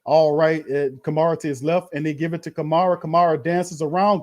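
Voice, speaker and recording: A man hosting a fan watch party, calling plays in a slangy, animated way and talking to his chat. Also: a little high, fairly quick, few pauses. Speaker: fan host doing live play-by-play. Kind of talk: excited watch-party commentary.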